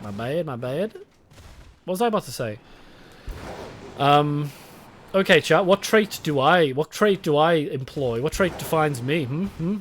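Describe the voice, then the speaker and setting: A man's voice: fairly high pitch, slight background noise. A young British man streaming a game, chatting casually with his chat, swearing and rambling. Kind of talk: casual live-stream chat while gaming.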